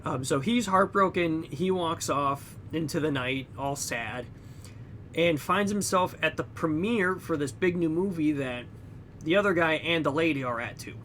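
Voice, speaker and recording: A young man co-hosting a podcast, casually retelling a movie plot with lots of "like" and "you know", acting out characters in loud, high bursts. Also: unhurried, a little hiss or hum. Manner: heavy use of fillers like "like" and "you know". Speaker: podcast co-host. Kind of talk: casual film recap.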